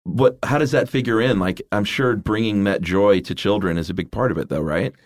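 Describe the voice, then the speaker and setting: A man's voice: fairly low pitch, a little fast, no echo, clean studio sound. A man hosting a casual interview, easygoing and encouraging, with frequent short replies while his guest talks. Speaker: podcast host.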